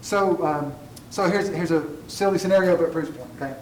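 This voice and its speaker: A man lectures on ethics to a classroom, wandering into tangents and making fun of himself along the way. His fairly high voice carries through an echoey room, picked up by a mic set well back. A faint hum of room noise sits underneath. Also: fairly quick, distant mic. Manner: digressive, self-deprecating humor. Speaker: college ethics instructor.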